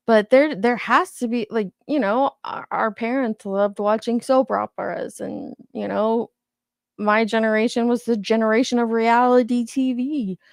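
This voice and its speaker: Chatty woman with a gravelly voice. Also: on the high side, no echo, clean studio sound. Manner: chatty, rambling, reacting to viewer comments. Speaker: commentary channel host. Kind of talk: casual livestream chat.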